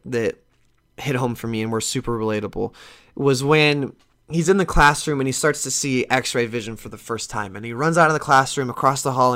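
A man's voice: mid-range voice, fairly bright tone. Young guy rambling on his podcast, earnest, keeps restarting sentences. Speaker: podcast host. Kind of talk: casual solo podcast talk.

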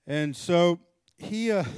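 A middle-aged man preaching, telling a story in an animated way and acting out both sides of a conversation. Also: high voice, clear, resonant tone, no room sound, studio quality. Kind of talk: storytelling sermon.

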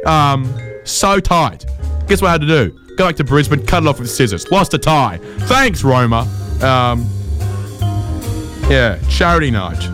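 A man, hosting a comedy show and telling rambling stories in a dry, deadpan way. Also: on the high side. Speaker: podcast host. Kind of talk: comedic storytelling and chat.

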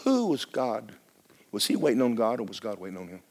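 Male pastor, lively swooping pitch, hushed-to-shouting sermon delivery. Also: brisk. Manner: animated preaching, swinging from hushed to shouting. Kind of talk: storytelling sermon. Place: church sanctuary.

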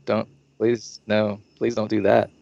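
A man's voice: on the low side, monotone, measured pace, vocal fry, a little mellow, no echo, lo-fi sound. A man co-hosting a casual podcast, rambling through jokes with lots of fillers. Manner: rambling, joking, many fillers. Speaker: podcast co-host. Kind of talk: casual chat.

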